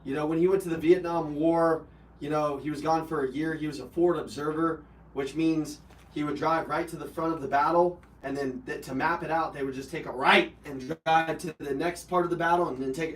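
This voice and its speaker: Dude on a live self-help call telling a raw story, a bit high voiced, roomy echo. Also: male voice, fairly even intonation, brisk. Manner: blunt and heartfelt, with swearing and many fillers. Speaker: host of a live personal development call. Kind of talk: emotional personal storytelling. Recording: roomy, from a distance.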